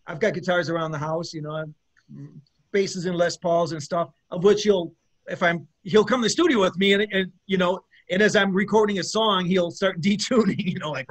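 A middle-aged guest musician speaks in a high-pitched voice at a normal pace. He rambles through a casual interview, often restarting his sentences and laughing along the way.

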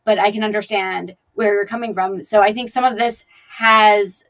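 A woman's voice: mid-range voice, fairly even intonation, normal speed, fairly bright tone, recorded from a distance. A woman speaking as a panelist over a video call, explaining her point thoughtfully.

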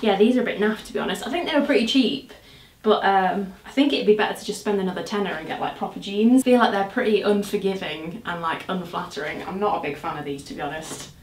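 A woman's voice: medium pitch, quick pace, reverberant. A young woman vlogging casually as she struggles into clothes, chatty and self-mocking, exclaiming and groaning, at times out of breath. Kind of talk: casual try-on vlog.

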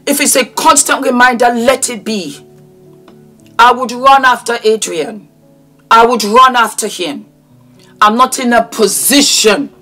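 A woman's voice: medium pitch, fairly bright tone. A woman in her fifties giving impassioned commentary, speaking straight to the person she is talking about in an emotional, preachy way. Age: 50s. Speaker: vlogger commenting on celebrity news. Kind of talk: impassioned direct-address commentary.

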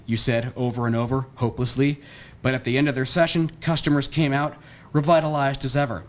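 Deadpan man reading his novel. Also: mid-range voice, brisk. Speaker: author. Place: bookshop reading.

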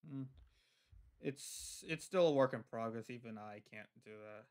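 Slow, smooth-voiced man roleplaying. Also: mid-range voice, a little mellow. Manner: halting, many fillers and restarts. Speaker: lore roleplayer playing a god figure. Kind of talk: casual roleplay chat.

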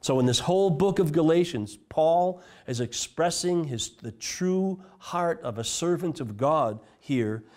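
A man's voice: a little high, expressive, unhurried, few pauses, a little mellow. Earnest male pastor preaching a sermon. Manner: earnest preaching, reads scripture aloud with emphasis. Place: church.

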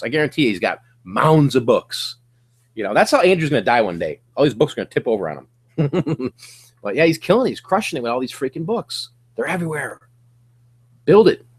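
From his home office, a middle-aged man speaking in a mid-range voice runs a casual livestream, giving resellers an energetic, slang-filled pep talk.

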